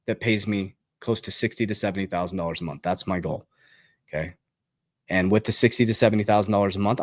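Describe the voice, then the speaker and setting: A man's voice: lowish voice, a little mellow, dry recording, studio quality. A man talking as a finance coach in an emphatic motivational monologue, repeating his key phrases and getting fired up.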